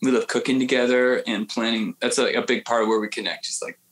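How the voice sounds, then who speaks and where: A man's voice: mid-range voice, fairly even intonation, fast talker, fairly bright tone, low-quality recording. Guy rambling thru stories on a podcast, lots of um and like, restarts everywhere. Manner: rambling, hesitant storyteller with many restarts. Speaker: guest singer-songwriter. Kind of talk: casual podcast conversation. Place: home area near the coast.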